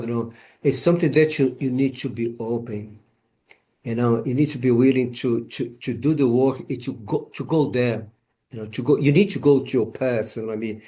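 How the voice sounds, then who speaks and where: A man hosting a casual conversation, talking haltingly with many repeated words and restarts. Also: mid-range voice, a little mellow. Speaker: podcast host and healing practitioner. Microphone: home camera setup.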